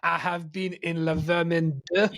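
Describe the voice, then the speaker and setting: A man putting on a halting French accent as a polite French actor. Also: fairly high pitch, flat delivery, vocal fry, a bit bright, slight background noise. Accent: put-on French. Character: French male film actor, polite, deadpan.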